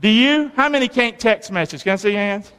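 A man preaching a lively, folksy sermon in a church, calling the congregation to answer back. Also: sits high, quick pace, clean tone. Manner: folksy, call-and-response preaching. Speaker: pastor. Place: large church sanctuary. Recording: long reverb of a large hall.

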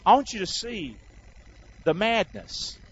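A man preaching a sermon, calling on the congregation to answer back and swinging between shouts and hushed words. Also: sits high, lively intonation, measured pace, slight background noise. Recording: dull lo-fi recording.

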